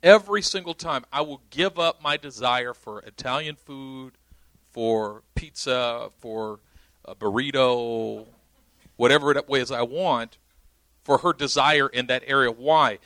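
A man's voice: mid-range voice, measured pace, bright, forceful tone, no echo. A young man preaching, teaching emphatically and often checking that his listeners follow. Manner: emphatic, explanatory, checks understanding. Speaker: pastor. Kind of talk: sermon teaching.

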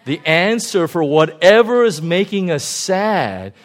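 A male pastor giving a conversational sermon, animated and often chuckling. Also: high voice, takes it slowly.

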